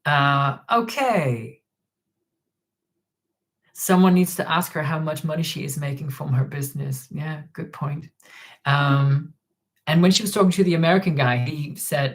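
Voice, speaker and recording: A woman's voice: deep voice, moderate pace. Woman rambling through a livestream, lots of ums and restarts, reading out chat comments. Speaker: livestream host.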